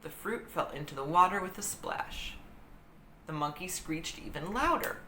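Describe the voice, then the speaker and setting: A woman reading a children's book aloud in an expressive, dramatic storytelling manner. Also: lowish voice, normal speed. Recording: roomy echo with faint hiss.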